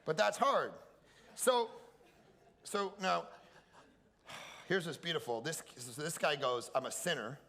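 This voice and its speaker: A middle-aged man preaching with a bright, forceful, gravelly voice that sits fairly high. He tells jokes and acts out quotes in a higher voice. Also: slow, long pauses. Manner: animated, jokey storyteller acting out quotes in a high voice. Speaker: pastor. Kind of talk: sermon; energetic comic preaching. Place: large hall at a camp.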